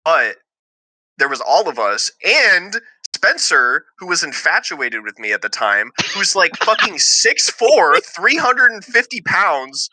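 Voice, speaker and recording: A man's voice: a little high, big pitch swings, takes it slowly, pushed and bright, no room sound, low-quality recording. A young man telling a heated story to friends in casual chat, swearing freely and laughing often.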